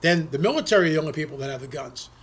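Emphatic high-pitched male political commentator. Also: animated, racing, fairly bright tone, husky. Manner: emphatic, repeats words when pressing a point. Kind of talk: opinionated political monologue.

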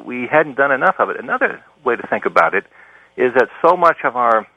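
A man, a professor guest on a talk show, explaining ideas in a measured, lecturing way. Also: on the low side, pushed and bright, no room sound, rough recording. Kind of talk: explanatory interview answers.

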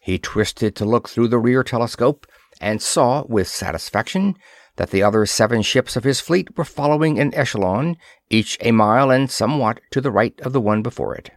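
An audiobook narrator reads a pulp science-fiction story from a script, giving it an expressive delivery. His medium-pitched voice moves at a moderate pace, captured in a dry, studio-quality recording.

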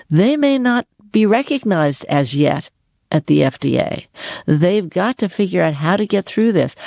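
A woman's voice: fairly low pitch, gravelly, darkish tone, no echo, clean studio sound. Chatty middle-aged woman host. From California. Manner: chatty, effusive, asides. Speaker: interview host. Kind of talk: conversational interview.

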